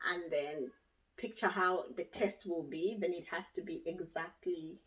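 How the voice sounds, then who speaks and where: A woman's voice: fairly low pitch, a little slow, fairly bright tone, far from the mic, poor audio. A woman chatting casually as a guest, laughing often and trailing off as she tells her story. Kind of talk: casual chat.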